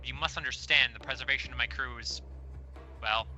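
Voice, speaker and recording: A man's voice: mid-range voice, steady tone, fairly quick, pushed and bright, soft background music, poor audio. A man playing a starship captain in a tabletop game, speaking earnestly and urgently in character. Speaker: player voicing a starship captain. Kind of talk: in-character role-play.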